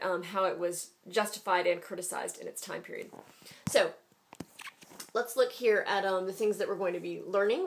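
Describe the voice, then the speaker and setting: An American woman teaching a history lesson in a conversational way, with frequent ums. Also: medium pitch. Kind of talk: recorded classroom lecture.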